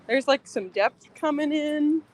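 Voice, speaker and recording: A woman's voice: high voice, unhurried, rough recording. A woman chatting casually outdoors on a phone, rambling with lots of filler words. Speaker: guest painter on a live stream. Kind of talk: casual chat. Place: outdoors on a street. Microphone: phone held while walking.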